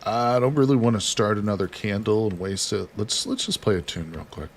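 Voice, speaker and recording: A man's voice: fairly low pitch, expressive, brisk, slight background noise. A man livestreaming a survival card game, casually talking through each move and chatting with viewers. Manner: chatty, reads chat aloud, talks himself through actions. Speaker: livestream host. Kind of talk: casual gameplay commentary.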